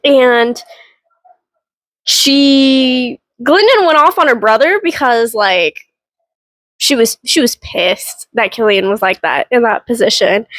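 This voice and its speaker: A young woman reviewing books on her home vlog, talking casually and gushing with excitement, full of fillers. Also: on the high side, slow, low-quality recording. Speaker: book vlogger. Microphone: camera in front of her.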